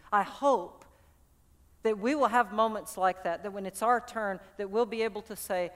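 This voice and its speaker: A woman's voice: mid-range voice, normal speed. A woman pastor preaching a sermon with passion, often repeating words as she builds a point.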